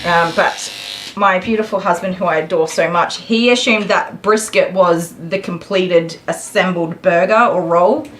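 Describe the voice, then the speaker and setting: Woman in her thirties, chatty groomer talking to a live stream as she works, with electric clippers buzzing clearly in the background. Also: fairly low pitch, measured pace, fairly bright tone, slight background noise, rough recording. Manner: rambling, chatty, talks to viewers while grooming. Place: grooming salon. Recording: clipper buzz behind the voice.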